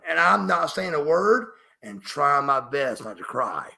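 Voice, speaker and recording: A man's voice: on the high side, very animated, a little slow, gravelly, bright, forceful tone. A middle-aged man, emphatic and profane, telling a story as a podcast guest. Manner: emphatic, profane, refers to himself by name. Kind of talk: storytelling interview.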